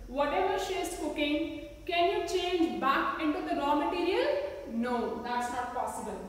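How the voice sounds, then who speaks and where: Slow echoey teacher with an Indian English accent. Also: female voice, high voice. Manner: slow, patient, asks the class many rhetorical questions. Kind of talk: classroom science lesson with demonstrations. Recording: echoey room, recorded from a distance.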